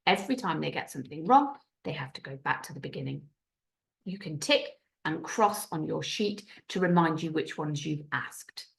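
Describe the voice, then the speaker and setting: A low-voiced woman leads a recorded video lesson for young pupils. Her delivery is clear and patient, with slight gravel, and her French words are pronounced carefully. She sounds middle-aged. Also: expressive, moderate pace. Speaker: primary school French teacher.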